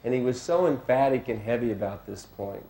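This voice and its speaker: A man's voice: mid-range voice, brisk, warm tone, roomy sound. A man earnestly sharing a memory and stressing his point, careful not to be misunderstood. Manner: earnest, emphatic, careful to be understood. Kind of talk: reflective personal testimony.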